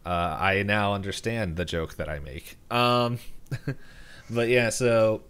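A man's voice: fairly low pitch, takes it slowly, fairly bright tone, clear, resonant tone. A young man co-hosting a podcast, casually recapping a cartoon episode, rambling, laughing often and quoting characters in raised voices. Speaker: podcast co-host.

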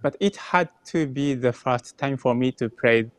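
A man from Japan, a guest pianist, answering interview questions in a hesitant, halting way, searching for words. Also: mid-range voice, no echo.

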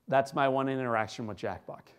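An American man giving an inspirational storytelling speech, swinging between loud emphasis and hushed asides and asking the audience questions. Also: medium pitch, brisk, clean tone. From United States. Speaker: motivational keynote speaker.

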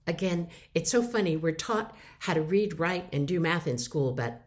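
A middle-aged woman with a somewhat low voice delivers a short lecture in a lively, animated way. She breaks into quick acted-out replies to show her points. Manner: lively, acts out example replies. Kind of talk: mini lecture to camera.

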